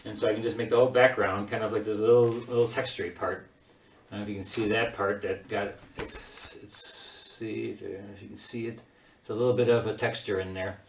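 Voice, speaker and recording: A man's voice: on the low side, level tone, fast, a little hiss or hum. Chatty man teaching watercolor, echoey room. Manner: chatty, laughs often, talks while working. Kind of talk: casual live paint-along demonstration. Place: home studio.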